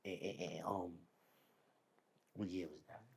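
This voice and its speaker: A man telling a long personal story in casual, slangy street talk, animated as he retells it. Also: low-pitched, measured pace, gravelly, slightly rough. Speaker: podcast guest.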